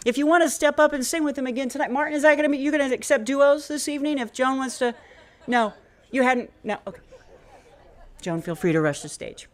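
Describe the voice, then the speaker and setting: A woman hosting a small indoor music cafe, talking into a stage microphone. She introduces the evening in a loose, rambling way, with frequent laughter. Her voice sits slightly high. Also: a little fast. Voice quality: chatty, rambling, laughing often. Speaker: venue host introducing a performer.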